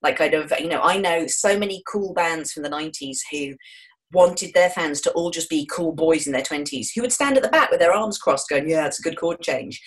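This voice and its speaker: A woman in her forties, a guest in an interview, telling stories in a frank, jokey, lively way. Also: low voice, brisk. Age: 40s. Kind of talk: interview chat.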